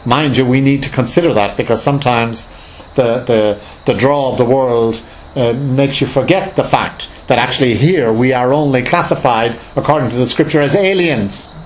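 A man's voice: medium pitch, normal speed, a little hiss or hum, rough recording. A man leading an informal Bible study, reading scripture aloud and explaining it in a conversational, emphatic way with many fillers and restarts.

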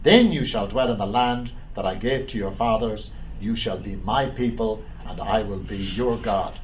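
A man's voice: fairly low pitch, far from the mic, a little hiss or hum, rough recording. Man teaching scripture from afar. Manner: reads scripture aloud with comments; pauses with "uh" and "um". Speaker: preacher. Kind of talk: bible teaching.

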